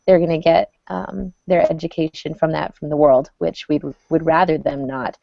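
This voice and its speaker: A woman's voice: low voice, fairly even intonation, normal speed, gravelly. A woman speaking as a parent on a panel discussion, talking conversationally with restarts and fillers, heard over muffled lo-fi online audio.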